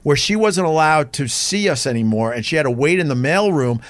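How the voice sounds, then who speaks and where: A man's voice: on the high side, expressive, fairly quick, no echo. A middle-aged man from Long Island hosting a podcast and telling profane stories in casual chat. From Long Island, New York. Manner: profane storytelling. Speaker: podcast host.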